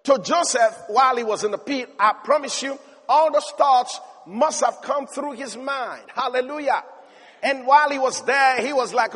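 A male preacher with a very high voice delivers an animated sermon, building to emphatic shouts. He speaks in a large hall. A long reverb trails each phrase. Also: normal speed.

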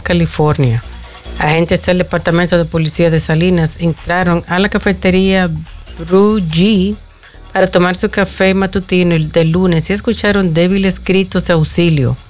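A radio co-host reading a short news story aloud in Spanish in a steady, measured way. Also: mid-range voice.

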